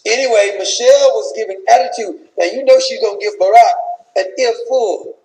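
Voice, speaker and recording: A speaker with a gravelly voice tells a gossipy story in a mocking, slangy way. The delivery is animated and loose. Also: medium pitch, normal speed, rough recording.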